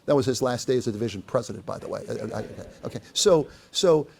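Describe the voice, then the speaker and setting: A man's voice: medium pitch, quick pace, gravelly, a little hiss or hum. An older man giving a business talk, telling anecdotes with quoted dialogue and asking the audience questions. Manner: lively storytelling, quotes others, asks audience. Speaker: speaker.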